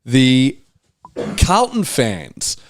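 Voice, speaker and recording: A man's voice: mid-range voice, very slow. A man with an Australian accent, hosting a casual football podcast and telling stories with lots of acted-out back-and-forth. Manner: animated storyteller, acts out exchanges. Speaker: podcast host. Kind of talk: casual footy chat.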